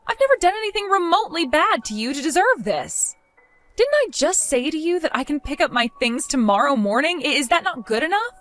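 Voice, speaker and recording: A sarcastic, fed-up young wife, voiced by a woman, brushing off her mother-in-law with mockery. Her voice is fairly high and moves around a lot in pitch. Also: big pitch swings, a little fast, fairly bright tone, soft background music. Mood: indignant. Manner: sarcastic, mocking, dismissive.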